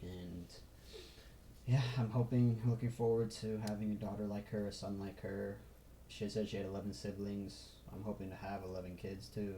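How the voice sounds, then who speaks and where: A man's voice: low-pitched, mellow, echoey room, a little hiss or hum, poor audio. A man talking casually to camera in a loose, rambling way full of fillers, recorded on a phone. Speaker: vlogger.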